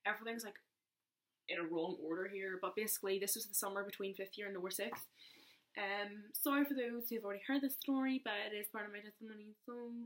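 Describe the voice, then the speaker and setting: A woman's voice: mid-range voice, fast. A young woman telling a personal story in a rambling, chatty way, often interrupting herself. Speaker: vlogger.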